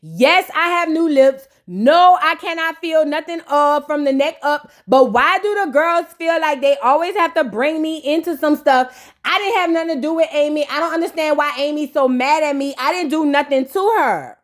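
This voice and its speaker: A whiny, wounded woman pleads in a teary, very high voice, as a female narrator acts her out. She sounds hurt and pleading throughout. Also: normal speed, close to an everyday voice. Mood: puzzled. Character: whiny wounded woman, lips numb from fillers.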